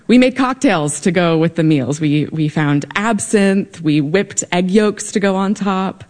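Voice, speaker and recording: A young woman telling a wry personal story on stage, with lively comic timing. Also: fairly low pitch, a little slow. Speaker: storyteller at a live event.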